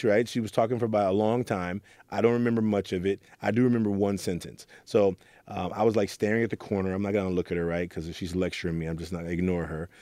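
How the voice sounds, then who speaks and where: Man, from Oakland, youth program leader, earnest storyteller, warm low voice. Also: dry recording. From Oakland, California. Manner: earnest, storytelling, acts out quotes. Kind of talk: reflective interview talk.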